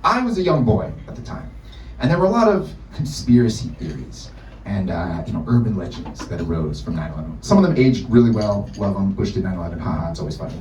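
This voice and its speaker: A young American man doing stand-up in a bar, with profane, animated storytelling. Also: on the low side, quick pace, a little hiss or hum. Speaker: stand-up comedian. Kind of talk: stand-up set. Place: bar in front of a live audience. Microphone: distant room recording. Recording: echoey bar, distant mic, loud ambience.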